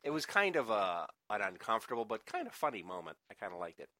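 A man's voice: fairly low pitch, sing-song, quick pace, pushed and bright, no echo. A man co-hosting a podcast, chatting casually and rambling with restarts and laughter. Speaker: podcast co-host. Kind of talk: casual chat.

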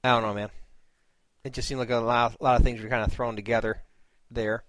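A man's voice: medium pitch, little pitch movement, a little fast, a bit bright, dry recording. A man co-hosting a podcast in casual chat, laid-back and answering mostly with short reactions. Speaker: podcast co-host.

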